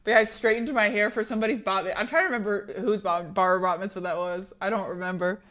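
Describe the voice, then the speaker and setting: Young female streamer, sick and hoarse, casual and blunt, swears freely, restarts sentences a lot. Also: mid-range voice, fairly even intonation, fast talker, fairly bright tone. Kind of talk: casual chat reading a live chat.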